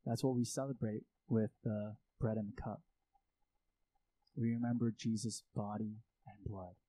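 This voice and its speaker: A man's voice: on the low side, steady tone, normal speed, mellow, poor audio. A man preaching a sermon, speaking earnestly and acting out prayers and indignant reactions to make his point. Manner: earnest, acts out prayers and reactions with rising intensity. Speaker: pastor.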